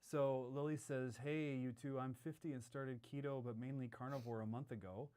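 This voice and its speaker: A man's voice: mid-range voice, steady tone, moderate pace, darkish tone, clear, resonant tone. A man co-hosting a casual livestream, reading viewer comments aloud and joking with a light laugh. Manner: chatty, laughs often, jokes.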